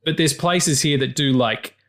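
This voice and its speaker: A man's voice: on the high side, unhurried. An Australian man hosting a podcast, in a casual, jokey, swearing chat. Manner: animated, swearing, jokey storytelling. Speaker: podcast host.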